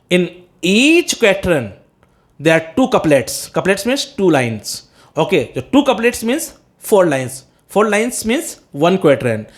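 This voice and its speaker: Indian man lecturing on poetry. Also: high voice. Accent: Indian English. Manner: explains step by step with frequent "uh" and "okay?" checks; asks a question then answers it himself. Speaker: English teacher.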